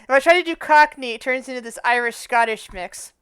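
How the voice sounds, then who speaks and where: A woman's voice: high voice, fairly quick, a bit bright. A woman with an Appalachian accent, running a tabletop game and chatting with laughs and stumbles. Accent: Appalachian American. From Appalachia, USA. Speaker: game master.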